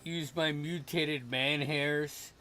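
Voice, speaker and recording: A man playing a tabletop game, unhurried and asking questions as he goes. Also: a little high, fairly even intonation, sharp tone, faint music behind. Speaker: player. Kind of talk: casual tabletop game play.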